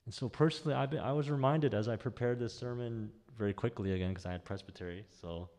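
A man preaching a sermon as pastor, in a conversational, animated way. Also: medium pitch, fast talker, big-room sound. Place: church sanctuary.

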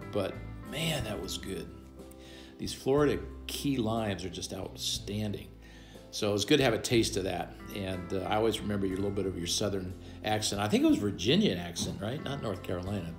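A man in his sixties gives a casual, rambling birthday greeting with many ums and pauses. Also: on the low side. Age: 60s. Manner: rambling, hesitant, with many fillers. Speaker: old neighbor sending a birthday message.

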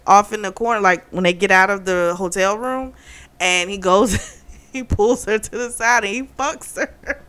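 A woman's voice: a little high, sharp tone, clear, resonant tone. A woman casually retelling a book's plot for her book review channel, chatty and laughing often. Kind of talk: casual chat.

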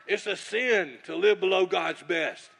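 A male preacher at a church conference, voicing an eccentric old male prophet who declares things bluntly and forcefully. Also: mid-range voice, animated, fast talker, big-room sound, lightly acted. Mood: emphatic.

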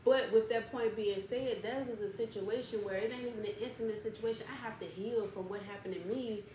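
A woman's voice: medium pitch, darkish tone. A woman hosting a casual talk show, speaking candidly and emotionally in loose, slangy, rambling chat. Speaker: podcast host. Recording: echoey room from a distance, faint noise.

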